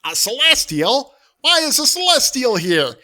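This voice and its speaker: A man putting on the voice of a demon lord, shrill and grating, yelling with a sneer. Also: very animated, measured pace, heavily acted. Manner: yelled, sneering. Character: shrill loud demon lord, petty and nasty.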